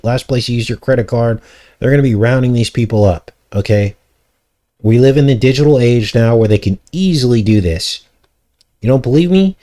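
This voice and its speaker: A man's voice: medium pitch, darkish tone. A man giving casual, sarcastic commentary while reading news stories aloud. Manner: sarcastic, mocking asides.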